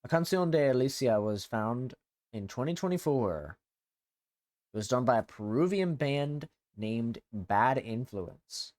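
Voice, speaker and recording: A man hosting a casual live stream as a VTuber, talking in loose, rambling chat. He swears freely and drifts from thought to thought in a mid-pitched voice. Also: expressive, unhurried, a little mellow.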